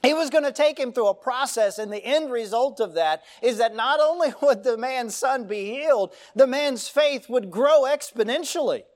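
Earnest high-voiced preaching man. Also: lively intonation, moderate pace, few pauses. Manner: earnest, emphatic preaching with rhetorical questions. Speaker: pastor. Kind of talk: sermon.

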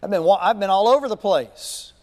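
An offhand, evasive devil , as a preacher puts him on, with a fairly high voice. He shrugs off the question in a light, casual tone. The voice rings in a long, echoing reverb. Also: lively intonation, fairly quick, a little mellow. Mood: breezy.

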